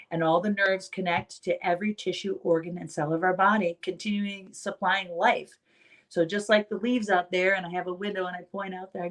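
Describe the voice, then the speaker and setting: A woman chiropractor addresses her peers in a heartfelt motivational talk, her voice sitting at an ordinary middle pitch. She tells stories with sincere conviction and leans on repeated phrases to drive her points home. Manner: earnest, emphatic storytelling; repeats key phrases for emphasis.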